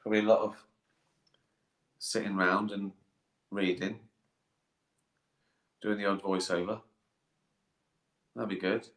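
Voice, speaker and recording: A middle-aged comedian hosts a casual live stream from his bath, rambling, swearing and chuckling while sounding tired and sleepy. His lowish, level voice moves slowly with long pauses, and the bathroom gives the audio an echo.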